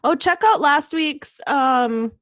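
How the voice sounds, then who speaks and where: Young woman podcast co-host, raunchy and giggly storyteller, bright-ish voice, dead-dry close mic. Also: high voice, takes it slowly, no room sound. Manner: laughing, profane storytelling. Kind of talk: casual chat.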